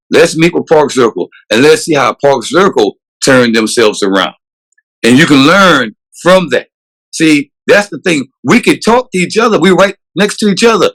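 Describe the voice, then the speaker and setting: A man's voice: medium pitch, fairly bright tone, rough recording. A man, with a voice sitting in the middle of the male range. He answers as a police chief in an interview. He is earnest and emphatic, and he often restarts his sentences. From South Carolina, USA.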